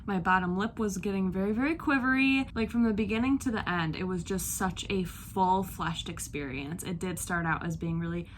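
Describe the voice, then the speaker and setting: A woman's voice: fairly low pitch, fairly even intonation, normal speed, few pauses, slight background noise. A young woman vlogging about a book she just finished, gushing and emotional, with lots of "like" fillers. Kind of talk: casual reading vlog talk. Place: outdoors on a beach.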